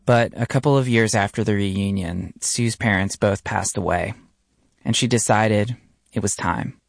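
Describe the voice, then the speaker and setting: A man narrating a radio story in a measured, calm, scripted way. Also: on the low side, gravelly, dry recording, studio quality.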